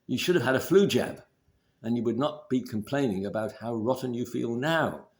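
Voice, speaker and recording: A man's voice: mid-range voice, lively intonation, normal speed, pitched above the performer's own voice, natural voice. A man voicing a nagging, scolding woman who talks down with hectoring questions.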